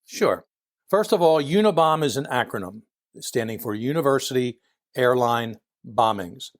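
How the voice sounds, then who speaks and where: An older man with a Philadelphia accent, talking in an easygoing interview voice at a middle pitch. He tells his stories with energy and slips into other people's voices when he quotes them. The sound is dry and close. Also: moderate pace, no room sound. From Philadelphia, USA. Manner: animated storyteller who acts out quoted dialogue. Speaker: interview guest. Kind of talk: casual interview storytelling.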